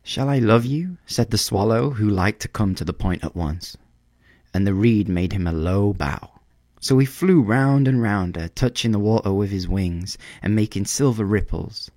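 Brief: male storybook narrator, deep and lively, close dry sound. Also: no room sound. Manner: measured, expressive reading.

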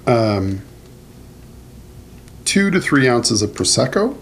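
A man from northern Canada co-hosts a casual podcast, talking loosely and swearing freely. His voice is gravelly and swings widely in pitch. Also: slow, slight background noise. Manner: loose, swearing, lively storytelling. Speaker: podcast co-host. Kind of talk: casual chat.

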